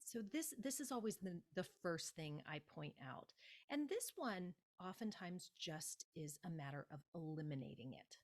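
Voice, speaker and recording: A woman speaking as a public speaking coach in an interview, giving emphatic, animated advice and acting out example phrases. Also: fairly low pitch, moderate pace.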